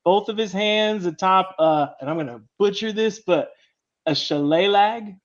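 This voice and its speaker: A man with a high-sitting voice speaks at a normal speed over dull audio. He's a show host and comic writer leading a casual panel chat on writing comics, chatty and walking through ideas step by step while tacking "right?" onto his points.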